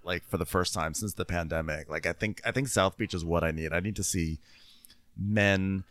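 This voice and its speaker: A man's voice: low-pitched, fairly bright tone, no echo. A man co-hosting a podcast, chatting wryly in a casual recap, recorded from home. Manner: wry, chatty, quick to laugh. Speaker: podcast co-host. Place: home room with thin walls.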